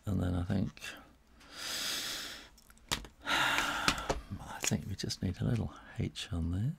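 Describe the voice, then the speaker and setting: A man's voice: sits low, slow, creaky, heavy background noise. A middle-aged man, an illustrator, chatting cheerfully through a live drawing demo and reading out viewer comments, laughing often.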